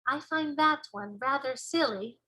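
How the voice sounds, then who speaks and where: A woman reading aloud and voicing a curious, eager young girl in a soft, high voice. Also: measured pace.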